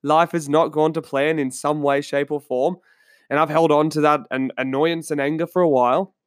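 A man's voice: a little high, fairly even intonation, moderate pace, no echo, studio quality. Earnest Australian man hosting a podcast. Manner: earnest, storytelling, asks listeners questions. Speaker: podcast host and coach. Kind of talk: solo podcast talk. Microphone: studio microphone.

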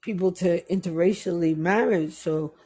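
A woman's voice: on the low side, normal speed, mellow, slightly rough. A middle-aged woman from the West Indies telling stories from her past in casual chat, acting out the people she quotes.

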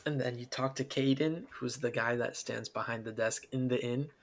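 A man with a gravelly, creaky voice talks through a video game in a loose, rambling way. He laughs often as he tells it, and his pitch sits at an ordinary middle level. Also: steady tone, moderate pace. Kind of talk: casual game discussion.

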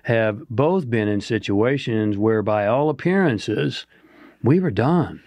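A man's voice: lowish voice, animated, slow pace, darkish tone, no room sound. A man co-hosting a motivational talk show, speaking earnestly and asking the listener rhetorical questions. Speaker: podcast co-host.

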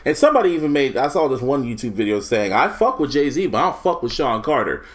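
Animated man arguing with emphatic swings. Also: medium pitch, fast talker. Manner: animated, emphatic, swears freely. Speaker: podcast co-host. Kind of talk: casual debate among friends.

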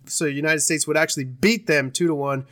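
Young male podcast co-host, casual sports recap, jokey and rambling, slightly higher voice. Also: fairly even intonation, a little fast, pushed and bright. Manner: joking, rambling, with put-on bits.

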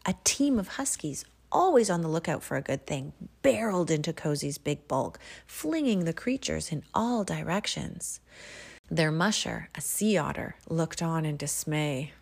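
A woman reading a children's storybook aloud in a soft, hushed voice that often drops to a whisper. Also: deep voice, lively intonation, normal speed, creaky, slightly rough.

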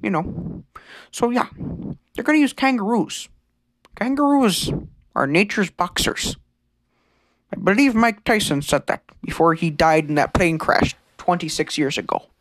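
A man's voice: high voice, expressive, measured pace, fairly bright tone, dry recording. A man hosting a comedic conspiracy podcast, rambling and stammering in a mock-serious way. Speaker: podcast host.

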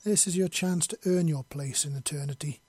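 A man voicing a menacing, powerful mother figure in a storybook reading, delivering a slow, grave warning. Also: fairly high pitch, a little mellow, slightly rough, no echo.

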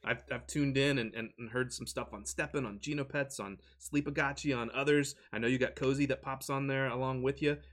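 A man's voice: medium pitch, fairly even intonation, a little fast, few pauses, fairly bright tone. A man, a podcast host, joking and laughing in casual chat. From southeastern USA. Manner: enthusiastic, joking, laughs often.

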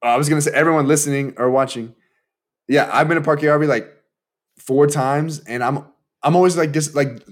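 A man's voice: on the high side, steady tone, brisk. A man hosting a podcast, chatting in an easygoing way and talking straight to listeners. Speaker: podcast host. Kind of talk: casual chat.

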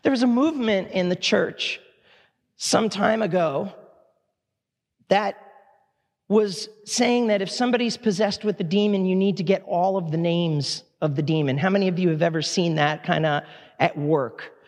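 High-voiced preacher in a reverberant hall. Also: male voice, a little mellow. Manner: impassioned, conversational preaching with quick asides. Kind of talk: sermon.

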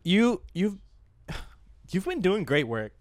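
A young man hosting a podcast in casual, joking chat, excitable and full of slang. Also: high-pitched, takes it slowly, dry recording. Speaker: podcast host.

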